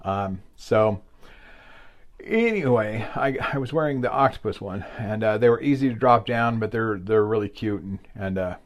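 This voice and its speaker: A man's voice: fairly low pitch, moderate pace. A man shares stories on a casual podcast. His talk rambles and circles back with plenty of fillers and asides, candid and easy, with laughter breaking in. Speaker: podcast co-host. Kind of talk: casual storytelling chat.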